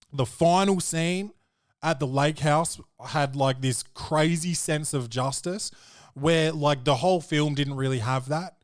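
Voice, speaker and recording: A male podcast host in casual chat, with a voice pitched in the middle range. He talks in a rambling, profane, animated way. The recording is close and dry, with no room sound. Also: no room sound.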